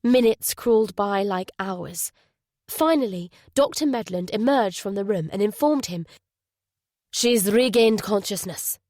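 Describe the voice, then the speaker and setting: A woman narrating a thriller audiobook in a steady, even delivery. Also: medium pitch, unhurried, dry recording, studio quality. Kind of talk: scripted narration.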